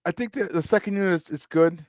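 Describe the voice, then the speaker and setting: Emphatic Chicago-accented sports host. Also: male voice, sits high, fast, dry recording, clean studio sound. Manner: emphatic, repeats points for stress. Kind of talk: sports talk radio banter.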